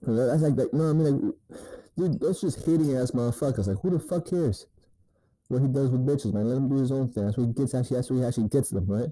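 Dude rambling dating tips, super dark mellow voice, dry close sound, swears a lot. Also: male voice, mid-range voice, steady tone, fast, no room sound, poor audio. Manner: laid-back, profane, rambling, repeats "you know what I mean". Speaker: dating advice vlogger. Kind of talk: casual dating-advice monologue.

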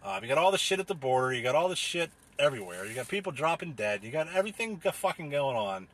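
A man's voice: mid-range voice, sing-song, quick pace, fairly bright tone. A man delivering an angry, profane rant, hammering his points with blunt repetition. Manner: angry, heavy swearing, repetitive emphatic phrasing. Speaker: podcast host. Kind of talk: profane ranting monologue.

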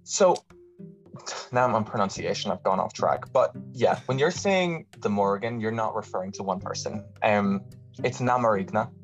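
An Irish man chatting as a podcast guest, quick and animated, often restarting mid-sentence. His voice sits low. The audio is dull and lo-fi, with faint music underneath. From Ireland. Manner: animated, talks fast with many restarts. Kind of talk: casual podcast chat.

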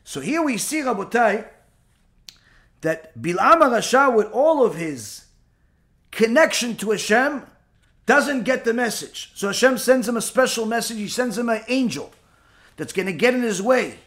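Male rabbi, high-pitched, emphatic sermon delivery rhetorical questions. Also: sing-song, moderate pace, fairly bright tone. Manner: emphatic, rhetorical questions, mixes Hebrew terms. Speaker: rabbi giving a Torah class.

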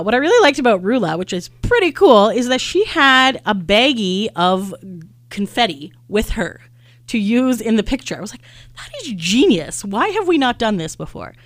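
A woman's voice: on the low side, no echo. A young woman, hosting a podcast and telling a story in casual chat, acting out what people said. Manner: chatty storyteller acting out quotes, lots of "like". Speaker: podcast host.

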